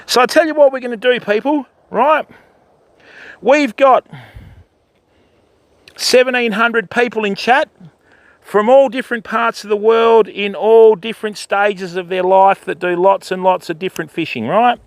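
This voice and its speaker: An older man with a gravelly, fairly high-pitched voice hosts a casual fishing livestream outdoors. He chats freely and greets his viewers one by one. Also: measured pace, no room sound. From Australia. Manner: chatty, greets viewers by name. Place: outdoors by a river.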